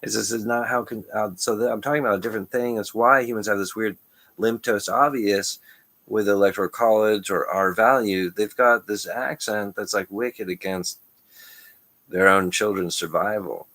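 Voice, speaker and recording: A man talking in a loose, rambling monologue, jumping between ideas with restarts and quick chuckles. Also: on the low side, fairly even intonation, a bit bright. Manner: stream-of-consciousness, restarts, frequent chuckles. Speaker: channel host.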